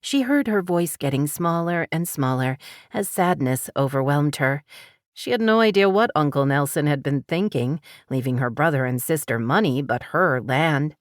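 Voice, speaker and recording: A woman narrating an audiobook in an expressive, lively reading style. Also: low-pitched, moderate pace, no echo, studio quality. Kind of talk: scripted narration.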